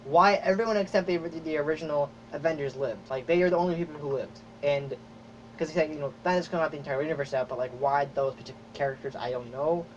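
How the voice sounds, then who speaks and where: Man, podcast host, casual excited chat, lots of fillers, muffled lo-fi audio. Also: on the high side, fast. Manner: excited, rambling with many fillers and acted-out reactions. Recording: dull lo-fi audio with faint noise.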